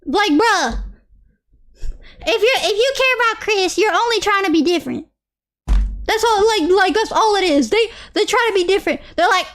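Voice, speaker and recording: A young adult woman streamer in a casual live-stream rant, animated, repeating lines and apologizing between outbursts. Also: very high voice, normal speed. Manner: animated, ranting and repeating herself, with laughs and apologies.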